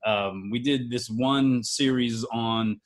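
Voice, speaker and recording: A man talks in a casual conversation. He speaks in a measured, thoughtful way and picks his words with care. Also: mid-range voice, steady tone. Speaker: former TV colleague in conversation. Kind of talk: casual chat.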